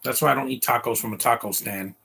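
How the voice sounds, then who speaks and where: A man's voice: medium pitch, fast talker, vocal fry, bright, forceful tone, slightly rough. A man hosting a casual live movie commentary, opinionated, rambling and defensive.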